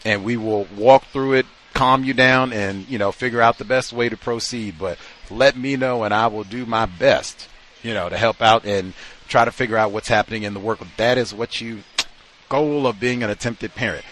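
A man's voice: mid-range voice, normal speed, fairly bright tone. A man hosting a radio talk show, giving emphatic commentary and now and then acting out the voices of people he quotes. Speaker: radio host.

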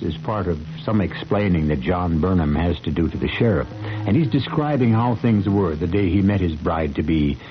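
Deep-voiced radio drama narrator. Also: male voice, expressive. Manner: measured, explanatory. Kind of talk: scripted narration. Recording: dull lo-fi radio broadcast with music.

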